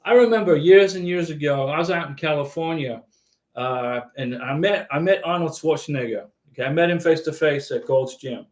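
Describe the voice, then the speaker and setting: A man's voice: on the high side, normal speed, a little mellow, reverberant. A man in his sixties hosting an immigration advice live stream, talking in an earnest, folksy way and often tagging his lines with "okay". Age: 60s. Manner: earnest, repetitive, folksy, tags lines with 'okay'. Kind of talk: casual live-stream chat.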